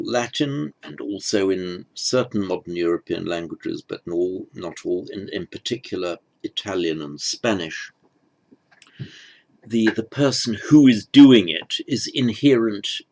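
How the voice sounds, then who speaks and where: A man teaching a recorded grammar lesson in a measured, explanatory way, often restarting his phrases. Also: on the low side, gravelly, a little mellow. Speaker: language teacher.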